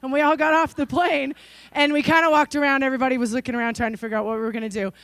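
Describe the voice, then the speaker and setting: A woman in her forties from Idaho giving a conference keynote, telling stories in a lively way and acting out the people in them. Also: sits high, racing, no room sound. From Idaho, USA. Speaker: keynote speaker. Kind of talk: storytelling speech. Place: conference stage.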